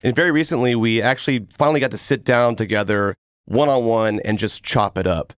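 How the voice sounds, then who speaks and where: A man's voice: medium pitch, a little fast, clear, resonant tone, no room sound, studio quality. A young man from Atlanta, hosting a podcast and speaking casually and enthusiastically, with easy laughter. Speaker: podcast host. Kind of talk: casual podcast intro and chat.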